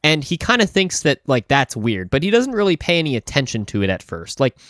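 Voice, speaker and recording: A man's voice: medium pitch, wildly swooping pitch, fairly quick, fairly bright tone, dry recording, clean studio sound. A man casually narrating a viewer's story in a chatty way, with lots of asides and fillers.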